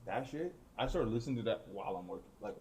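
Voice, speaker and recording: A man's voice: lowish voice, animated, fast talker, a little mellow, slight background noise. A young man chatting casually on a podcast, rambling with lots of "like" and "bro". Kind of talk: casual chat.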